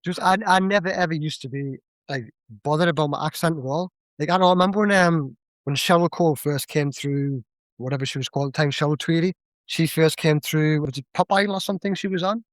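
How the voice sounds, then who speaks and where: A young man with a Northeast English accent talks as a podcast guest, rattling along quickly in a chatty, animated way. His voice sits a little high and the sound is dry and close. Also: no echo. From Northeast England. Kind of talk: casual chat.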